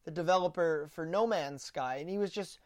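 A woman's voice: lowish voice, a little fast, darkish tone. A woman hosting a political podcast, ranting in opinionated commentary and often stumbling over repeated words as she starts sentences. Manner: ranting, mocks opponents in sarcastic put-on quotes. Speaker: podcast host.

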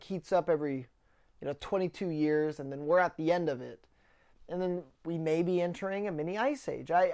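Woman podcaster ranting hard, swears a lot, kinda low voice, keeps restarting words. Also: a little mellow. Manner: profane, heated, stumbles and repeats words. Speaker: podcast host. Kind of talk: ranting political commentary.

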